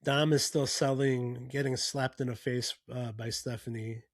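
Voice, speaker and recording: A man's voice: medium pitch, steady tone, measured pace, no echo. A man hosting a podcast, recapping events in a casual, rambling way with plenty of fillers and restarts. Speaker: podcast host.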